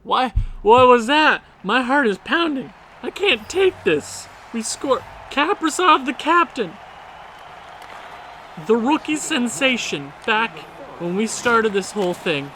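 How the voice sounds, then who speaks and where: A man giving excited let's-play commentary, yelling at the game and swinging between frantic outbursts and hushed disbelief. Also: extremely high pitch, takes it slowly, a little hiss or hum. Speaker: gaming video creator. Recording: game music playing behind the voice. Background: video game music.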